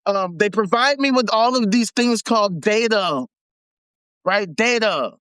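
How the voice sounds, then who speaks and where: A man's voice: high voice, animated, unhurried, fairly bright tone, clean tone, dry recording. A man mocking a smug, clueless male head of state who bumbles and repeats himself.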